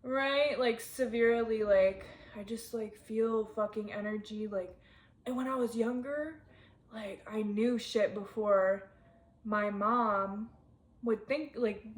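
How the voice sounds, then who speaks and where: Chatting candidly to camera in a casual vlog, this twenty-something woman rambles along with plenty of fillers and keeps saying "like." Her pitch is a little high and her pace measured, fitting the confessional, chatty tone.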